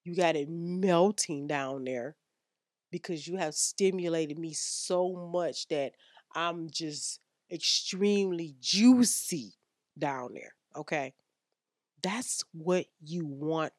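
Blunt low-voiced woman lecturing on sex. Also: takes it slowly, a little mellow, dry recording, studio quality. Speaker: podcast host. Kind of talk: frank sex-advice podcast talk.

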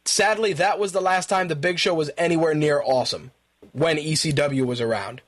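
On his talk radio show, a man with a fairly high, slightly bright voice rants briskly about wrestling. His commentary comes in profane, exasperated bursts, and he repeats himself when he gets worked up.

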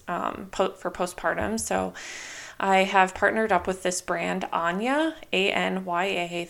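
A young woman talks through her own podcast in a loose, chatty way, dropping "like" and "you know" all through her sentences. Her voice sits in a middle range with a gravelly fry at the ends of phrases, and she slips into livelier voices when she quotes herself. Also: mid-range voice, a bit bright. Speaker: podcast host. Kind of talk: casual solo podcast talk.

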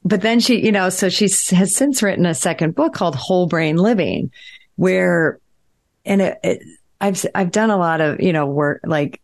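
A woman with a low voice chats on a podcast. She tells a long, winding story, stopping and restarting often and filling gaps with small words. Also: moderate pace. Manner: rambling, animated storytelling with many fillers. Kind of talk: podcast conversation.

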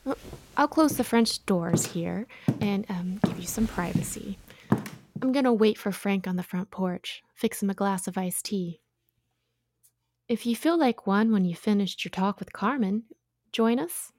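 A woman's voice: medium pitch, unhurried, darkish tone, dry recording, studio quality. An actress playing a motherly, middle-aged housewife in an audio drama, soothing and coaxing in a chatty way. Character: motherly, fussing older housewife, sweet yet prying.

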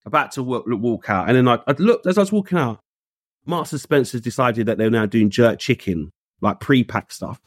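A man tells a story with a lively, swinging voice and slips into the voices of the people he quotes. His slang is casual and the recording is dry and close. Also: mid-range voice, normal speed, no room sound. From England. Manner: animated, acts out quoted voices, uses street slang. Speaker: guest.

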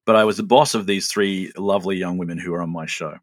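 An Australian man in his late forties telling stories in a relaxed, self-mocking way as a guest. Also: low voice, fast talker, no echo. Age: 40s. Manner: chatty, self-mocking storyteller. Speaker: guest, show creator. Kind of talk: casual interview chat.

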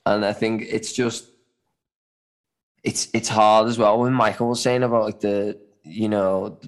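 A man's voice: lowish voice, flat delivery, unhurried, clean tone. Rambling man co-hosting a podcast. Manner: rambling, loose, with many "you know" and "man". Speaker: podcast co-host. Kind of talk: casual chat.

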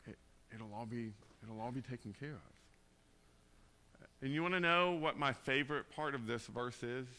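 A pastor delivers a conversational sermon in a medium-pitched voice at normal speed. He moves between quiet, tender passages and loud, emphatic bursts.

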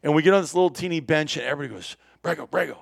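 A man telling a hunting story in lively, animated fashion, acting out the dialogue and laughing often. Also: fairly high pitch, very fast, gravelly, no echo, clean studio sound.

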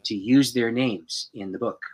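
A man who is a pastor, an animated storyteller who laughs often as a guest on a podcast. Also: mid-range voice, unhurried, poor audio.

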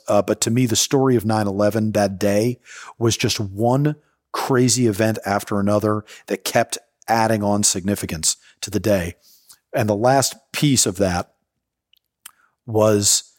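Low-voiced man telling a candid story. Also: dry recording, studio quality. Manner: candid, profane, acts out quoted voices. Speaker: podcast host. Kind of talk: personal storytelling monologue.

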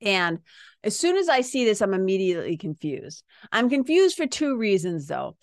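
A woman in mid-range pitch tells a personal story as if chatting with a friend. She talks expressively and frankly, rising and dropping suddenly, with fillers throughout. The sound is close and dry, with no room echo. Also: sing-song, normal speed. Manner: conversational, with frequent "right?" and "like" fillers; frank, swears now and then. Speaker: yoga teacher.

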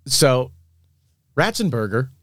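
A man's voice: medium pitch, dry recording, studio quality. Profane, storytelling man. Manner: animated, profane, fast-running anecdotes. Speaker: guest. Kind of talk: casual storytelling chat.

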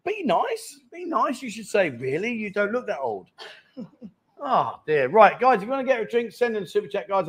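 Chatty middle-aged male show host. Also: high voice. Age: 50s. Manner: chatty, teasing banter with guests and viewers. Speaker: live chat show host. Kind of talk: casual live-stream chat.

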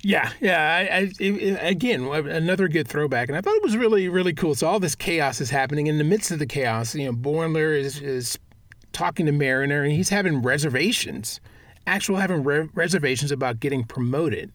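A man co-hosting a podcast in casual chat, chatty and quick to laugh and agree. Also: on the high side, expressive, a bit bright, no room sound. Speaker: podcast co-host.

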